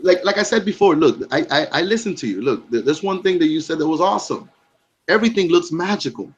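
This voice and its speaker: A man's voice: on the high side, lively intonation, fast talker, breathy edge. Hesitant man on muffled call audio. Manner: hesitant, repeats his words. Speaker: panelist in a group video chat. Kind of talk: casual chat. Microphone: video call.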